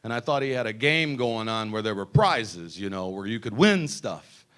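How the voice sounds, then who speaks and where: A man's voice: lowish voice, expressive, normal speed, a bit bright, clean tone. A man performing a stand-up comedy routine at a party, joking and teasing the audience. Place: party venue with a live audience.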